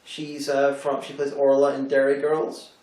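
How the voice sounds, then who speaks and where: A man's voice: medium pitch, monotone, measured pace, darkish tone. A man guesting on a casual film chat, talking hesitantly with many fillers. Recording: roomy, distant mic.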